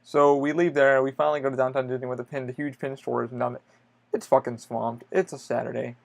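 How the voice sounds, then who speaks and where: Gravelly-voiced man swearing through a story. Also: mid-range voice, brisk. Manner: swears a lot, rambling and animated. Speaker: podcast host. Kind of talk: casual solo podcast storytelling. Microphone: podcast microphone.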